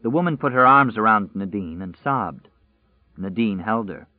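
A man narrating a novel in a measured, even storytelling voice. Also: lowish voice, dry recording. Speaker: audiobook narrator. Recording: dry, tinny phone-like sound.

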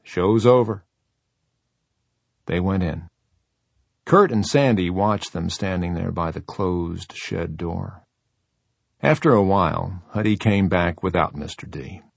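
A man reading a novel aloud in steady, measured narration. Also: low-pitched, gravelly, breathy edge, dry recording. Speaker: audiobook narrator. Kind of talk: scripted narration.

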